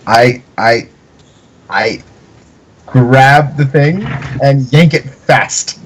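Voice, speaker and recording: Brief: man, mid-pitched voice, tabletop player, dry and wry. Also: extremely slow, a little hiss or hum, low-quality recording. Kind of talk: casual tabletop game chat.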